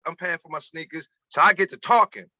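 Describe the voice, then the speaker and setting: A man's voice: on the high side, fairly quick, no room sound, rough recording. A middle-aged man with a Baltimore accent tells a story in a raised, cutting voice. He talks with lots of energy, repeating words as he goes. The sound is dry and close. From Baltimore, USA. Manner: animated, repeats words, acts out quoted voices. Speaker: guest, former college basketball player. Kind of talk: casual storytelling.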